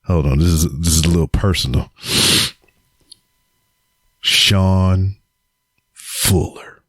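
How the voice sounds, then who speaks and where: A man's voice: sits low, takes it slowly, pauses often, no room sound, studio quality. A man hosting his own podcast, talking casually to camera and cursing through a joking roast. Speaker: podcast host. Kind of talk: casual solo podcast segment. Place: home recording setup on camera. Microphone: camera with mic.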